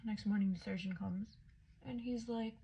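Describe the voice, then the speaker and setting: A woman's voice: medium pitch, fairly even intonation, moderate pace, mellow. A woman casually recounting her own experience as a patient, talking in a chatty way full of filler words. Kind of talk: casual personal storytelling. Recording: dull lo-fi with faint background noise.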